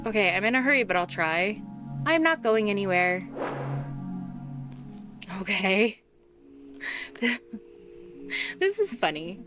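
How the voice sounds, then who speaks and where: A woman's voice: medium pitch, big pitch swings, unhurried, long pauses. A woman streamer giving casual, giggly commentary while playing a game. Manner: giggly, amused. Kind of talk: casual let's-play commentary. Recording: game music playing underneath.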